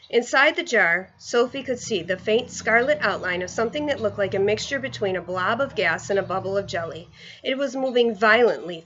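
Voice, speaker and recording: A woman narrating a children's book aloud in an expressive, measured way. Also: mid-range voice, dull audio. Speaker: storyteller. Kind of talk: storybook read-aloud.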